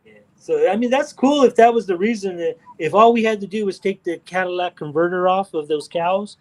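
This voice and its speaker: A middle-aged man from Texas talks in a blunt, rambling, profane way. His voice sits a little high for a man. He chats casually as the host of a livestream. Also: fairly quick, darkish tone, poor audio. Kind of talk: casual chat.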